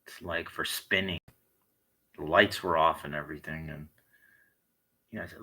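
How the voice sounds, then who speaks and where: A man's voice: rumbling low, steady tone, normal speed, long pauses, pushed and bright, slightly rough, rough recording. A man delivering a blunt, heated monologue full of swearing. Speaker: vlogger. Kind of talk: profane monologue rant.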